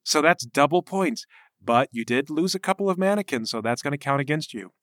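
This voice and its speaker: A man's voice: on the high side, expressive, a bit bright, dry recording, clean studio sound. A man narrating and voicing side characters as game master in a playful tabletop game. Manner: brisk, playful narration with NPC voices.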